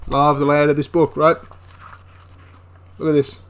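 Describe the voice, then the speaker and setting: A man's voice: on the high side, level tone, measured pace, a bit bright. A man giving a casual, enthusiastic spoken review of a tabletop wargame, rambling into asides and restarting his sentences.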